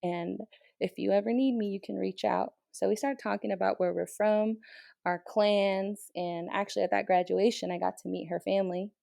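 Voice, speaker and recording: A young woman, a military training instructor from the Navajo Nation, telling a story in an interview with emotional, animated retelling. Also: mid-range voice, moderate pace, creaky, no room sound, clean studio sound. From Navajo Nation, Southwest US.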